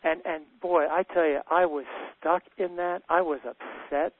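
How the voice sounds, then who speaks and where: A man's voice: a little high, fairly even intonation, moderate pace, no room sound. A man telling a candid personal story in conversation, earnest, often stammering and restarting. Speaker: men's retreat leader sharing a story. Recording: tinny phone-like dry sound.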